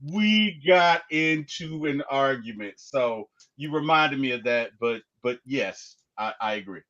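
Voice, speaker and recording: A man chatting casually on a podcast, telling animated stories and quoting others in a raised voice. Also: medium pitch, measured pace. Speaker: podcast guest. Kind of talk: casual chat. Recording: dull lo-fi sound.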